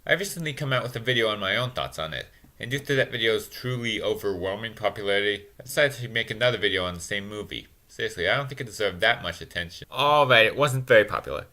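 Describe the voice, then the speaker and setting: A man giving a sarcastic, self-mocking comedy recap of a movie in a deadpan, snarky way. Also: lowish voice, fast, few pauses. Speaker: movie reviewer.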